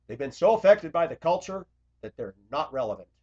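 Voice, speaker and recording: A man speaking to camera in an impassioned confessional monologue, blunt and confrontational, swinging between loud outbursts and quiet asides. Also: on the high side, big pitch swings, a little fast, breathy edge. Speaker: Christian video blogger. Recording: dull lo-fi recording.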